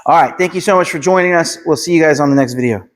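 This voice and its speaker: A man working as a dog trainer, calmly explaining his methods and giving short commands and praise to a dog. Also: on the high side, fast. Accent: Pennsylvania. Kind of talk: instructional dog training video.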